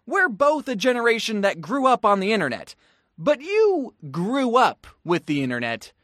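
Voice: mid-range voice, fairly bright tone, no room sound, clean studio sound. A creator in their twenties narrating a scripted video in a wry, self-mocking way, with playful asides. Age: 20s. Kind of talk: casual scripted commentary.

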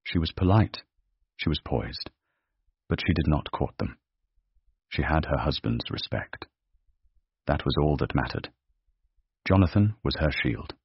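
A man narrating a period romance story in a measured, dramatic manner. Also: extremely low pitch, slightly rough, no echo. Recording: dry, dull lo-fi.

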